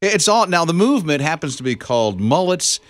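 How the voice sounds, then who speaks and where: A man's voice: on the high side, very animated, fairly quick, fairly bright tone, no echo. A man co-hosting a morning radio show, chatting casually and telling stories with an easygoing, joking manner.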